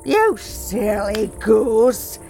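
A woman voicing a cruel old witch in a storybook reading, drawing her words out slowly and gloatingly. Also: fairly high pitch, big pitch swings, mellow, faint music behind, pitched above the performer's own voice, full character voice. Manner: slow, drawn-out, gloating. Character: cruel old witch luring children, jeering.

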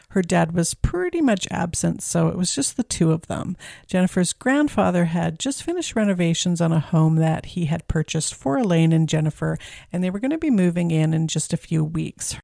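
A woman's voice: fairly low pitch, lively intonation, moderate pace, vocal fry, dark tone, no echo, clean studio sound. A woman hosting a podcast, telling a true crime story in a casual, conversational way with filler words. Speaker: podcast host.

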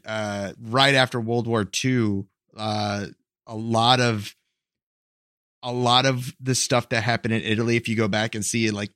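A man's voice: lowish voice, fairly bright tone, no room sound, clean studio sound. A man co-hosting a podcast, explaining a history topic in a rambling, hesitant way, full of fillers and self-corrections. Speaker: podcast co-host. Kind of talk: casual explanatory chat.

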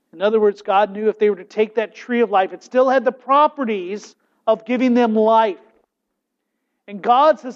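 A man preaching a sermon as pastor, animated and full of restarts. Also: high voice. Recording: dull, lo-fi sound.

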